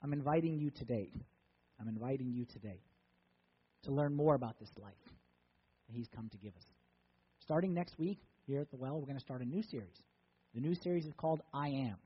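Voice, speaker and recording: Husky storytelling pastor, echoey hall. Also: male voice, medium pitch, fairly quick, pauses often, lo-fi sound. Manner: storytelling, swinging between loud and soft. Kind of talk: sermon. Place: church.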